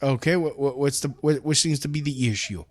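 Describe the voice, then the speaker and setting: A man's voice: mid-range voice, brisk, dry recording, clean studio sound. A man hosting a casual podcast and taking a caller, joking crudely, swearing and laughing. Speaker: podcast host. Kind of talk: casual chat taking a call-in.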